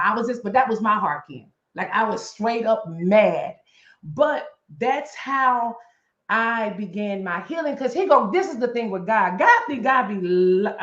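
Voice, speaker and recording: A woman's voice: mid-range voice, animated, a little slow. A middle-aged woman, a guest on a live chat show, speaking passionately about grief, repeating points for emphasis in a blunt, preacher-like way with some profanity. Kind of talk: impassioned talk on grief. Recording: roomy, slightly dull live-stream audio.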